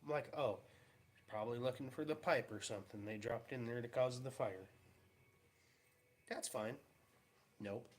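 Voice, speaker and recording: Vlogger, male, wry and rambling, mid-pitch everyday voice. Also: moderate pace, long pauses, a little hiss or hum. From Pacific Northwest of the US. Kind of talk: casual vlog chat.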